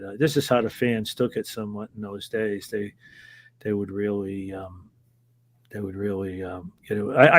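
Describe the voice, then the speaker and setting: A man, a former wrestling referee, telling anecdotes in an interview in a hesitant, rambling way and chuckling as he goes. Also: on the low side. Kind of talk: casual anecdotal storytelling.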